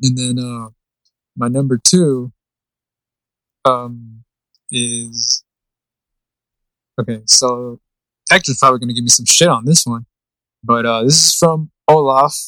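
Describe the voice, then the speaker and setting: A man's voice: mid-range voice, steady tone, takes it slowly, pauses often, pushed and bright, no room sound, rough recording. A man co-hosting a podcast, laid-back and swearing casually in chat. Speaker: podcast co-host.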